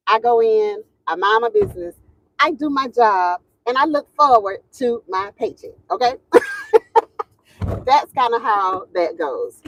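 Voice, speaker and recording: A woman's voice: on the high side, slight background noise. A woman hosting a casual livestream, chatty and laughing often as she greets viewers and tells a story. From Southern United States. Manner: chatty, laughs often, drawling Southern phrasing. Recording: dull lo-fi sound, dry room.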